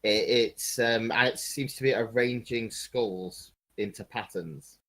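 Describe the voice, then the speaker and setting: Slow, hesitant male game master. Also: medium pitch, fairly bright tone. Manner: hesitant, many ums and restarts. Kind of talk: narrating a tabletop game.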